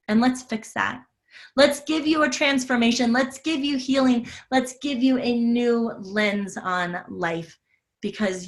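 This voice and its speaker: Hosting a live webinar that mixes sales talk with Q&A, a female health coach gushes enthusiastically, reading out comments from viewers and responding to their questions over video call. She speaks with a mid-range, slightly bright voice.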